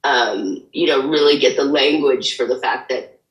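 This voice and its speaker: A woman's voice: very deep voice, moderate pace, echoey room, low-quality recording. A woman author candidly telling her personal story as an interview guest, rambling with many fillers. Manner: rambling, frequent fillers, emotional retelling.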